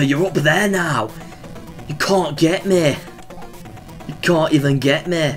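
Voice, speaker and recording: A man giving excitable let's play commentary, exclaiming and scolding the game as he plays. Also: a little high, takes it slowly, long pauses, faint music behind. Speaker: gameplay video host.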